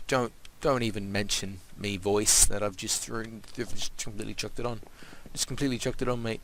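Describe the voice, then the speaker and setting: A man's voice: lowish voice, fairly even intonation, fast, a bit bright, a little hiss or hum. A young man giving casual, rambling let's-play commentary and playfully talking to the animals and objects in his game. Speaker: gaming channel host.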